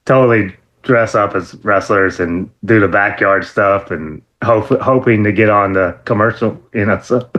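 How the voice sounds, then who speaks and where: A man guest in an interview, telling stories in a casual, lively way, laughing often and full of fillers and restarts. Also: normal speed, few pauses, muffled recording. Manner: animated, acts out quotes in a high excited voice. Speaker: interview guest, former wrestler.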